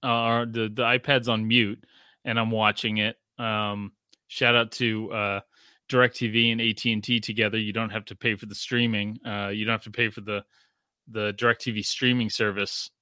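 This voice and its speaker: A man's voice: on the low side, flat delivery, normal speed, bright, forceful tone, no room sound, clean studio sound. A man who grew up in Australia, in his thirties, hosting a casual podcast and rambling with frequent restarts. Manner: rambling, self-interrupting, laughs often. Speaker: podcast host.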